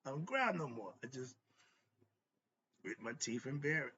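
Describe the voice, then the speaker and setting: A man's voice: mid-range voice, lively intonation, moderate pace, sharp tone, dull audio, slight background noise. A man giving a motivational philosophy talk, emphatic and preachy, in casual slang, answering his own rhetorical questions. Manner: casual street slang, laughs often. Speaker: host.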